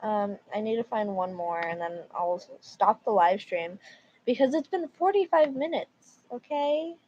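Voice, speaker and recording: A woman's voice: mid-range voice, animated, measured pace, darkish tone. A woman streamer reading stories aloud and reacting casually, with emphatic remarks. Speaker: livestreamer. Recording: dull lo-fi mic.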